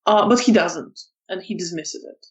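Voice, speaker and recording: A woman narrating a tabletop vampire game as storyteller, soft-spoken and hesitant with fillers. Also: lowish voice, moderate pace, dull audio.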